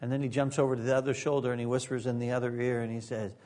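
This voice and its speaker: A man's voice: mid-range voice, flat delivery, racing, hardly any pauses, a little mellow. A man preaching a sermon as pastor, earnest and emphatic, with occasional joking asides.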